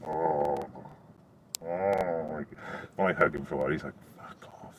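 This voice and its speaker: A man's voice: extremely low pitch, moderate pace, slight background noise. A Welsh man on a casual live stream from his phone, rambling about the news and breaking off to talk to his dog. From Wales. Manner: rambling, talks to his dog between points.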